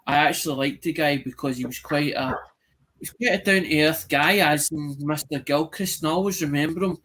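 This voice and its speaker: A man's voice: on the high side, brisk, fairly bright tone. A man chatting eagerly on a live stream, speaking with enthusiasm and addressing others by name. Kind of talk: casual chat.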